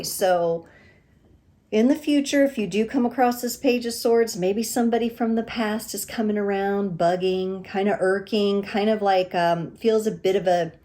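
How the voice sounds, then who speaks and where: A woman giving a gentle, reassuring tarot reading, speaking with pauses and restarts. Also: mid-range voice. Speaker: tarot reader.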